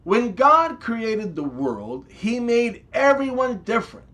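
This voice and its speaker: Slow, lively high-voiced joke teller. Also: male voice, over loud music. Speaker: comedy channel host. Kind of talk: scripted joke telling.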